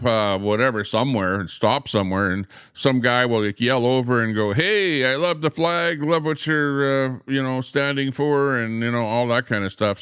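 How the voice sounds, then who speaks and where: A man hosting a livestream outdoors beside trees, chatting in a meandering way with lots of pauses and filler words. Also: fairly low pitch, fairly bright tone, clean tone, dry recording, studio quality. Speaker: livestream host. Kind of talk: rambling casual livestream chat.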